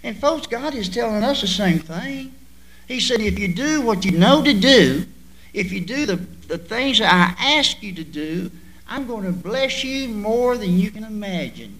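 Male pastor, high bright voice, sermon, swings from soft to loud. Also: animated, poor audio. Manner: preaching with sudden loud bursts and drawn-out emphasis.

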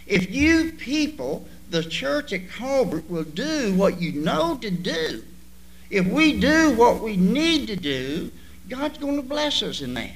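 A man preaching a sermon to his church, with sudden loud bursts and drawn-out emphasis. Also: sits high, very animated, low-quality recording. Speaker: pastor.

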